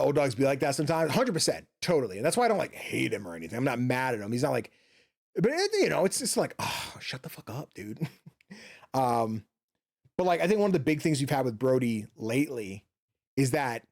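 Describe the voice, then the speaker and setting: A male gaming streamer chats loosely from his home office, with a mid-pitched voice on a desk microphone. He rambles, swears freely and keeps circling back with fillers and restarts. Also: a little mellow. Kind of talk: casual chat while streaming a game.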